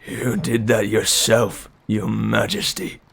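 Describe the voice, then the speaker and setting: A man reading a storybook aloud and voicing a beaten old craftsman who speaks in a weary croak. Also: fairly low pitch, level tone, slow pace, fairly bright tone, heavily acted. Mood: defiant. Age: older.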